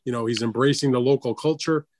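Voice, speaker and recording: A man co-hosting a casual boxing talk show, giving plain-spoken, measured analysis. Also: mid-range voice, darkish tone. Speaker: podcast co-host.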